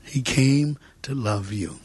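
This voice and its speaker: A man as a guest preacher in an interview, talking fervently with many fillers and repeats, sometimes dropping to a soft near-whisper. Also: medium pitch, slow pace, husky. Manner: filler-heavy, repeats words.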